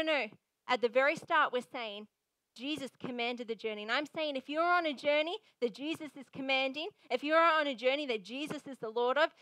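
A woman's voice: high-pitched, pushed and bright, dry recording, low-quality recording. A young woman pastor giving a sermon in an earnest, conversational way, repeating herself for emphasis.

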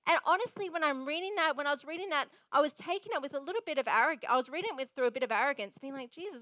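A woman's voice: high voice, quick pace, few pauses, bright, forceful tone, dry recording, rough recording. A young woman pastor giving a sermon in an earnest, conversational way, repeating herself for emphasis.

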